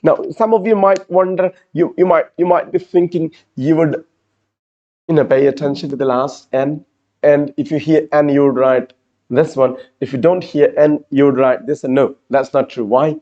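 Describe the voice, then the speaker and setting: A man's voice: on the high side, fairly even intonation, moderate pace, warm tone, highs cut off. A man teaching an exam-prep class, repeating key words and explaining step by step. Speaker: IELTS teacher. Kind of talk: classroom lecture.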